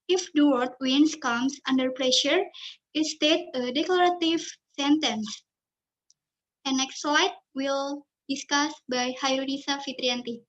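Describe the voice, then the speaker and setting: High-voiced woman reading slides. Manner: careful, halting reading with restarts. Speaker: student presenter. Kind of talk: reading a class presentation. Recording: dull lo-fi recording.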